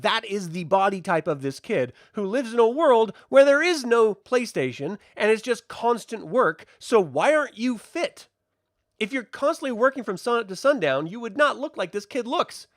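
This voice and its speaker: A high-voiced man rants through a casual review, sarcastic and swearing freely. His pitch leaps all over, and the sound is close and dry. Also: sing-song, normal speed, no room sound. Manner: sarcastic, profane, exasperated. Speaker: video reviewer.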